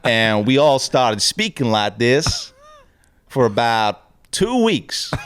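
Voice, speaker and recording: A man's voice: medium pitch, big pitch swings, slow pace, smooth, no room sound. A man putting on a drawling Texan ranch hand. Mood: chummy. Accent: put-on Texas drawl. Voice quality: drawling, loud and storytelling. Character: folksy Texan ranch-raised golfer man.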